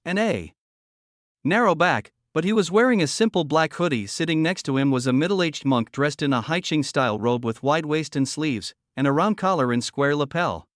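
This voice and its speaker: A man reading a scripted story recap as the narrator, in an even, steady delivery. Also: fairly high pitch, no room sound, studio quality.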